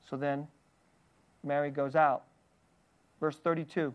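A preacher giving a sermon, reading scripture aloud and explaining it in an earnest manner, often sinking to a soft, hushed voice. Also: medium pitch, level tone, measured pace, pauses often.

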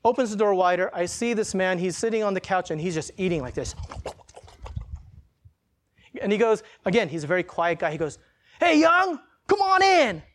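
A male pastor preaching in a church, telling a personal story in a casual, animated way and acting out the quotes. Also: sits high, fairly quick, long pauses.

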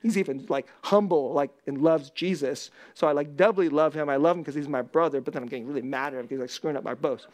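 A pastor preaches a sermon with intensity and frequent laughter, sinking into low asides and then rising into loud bursts. He's expressive and quick, with few pauses.

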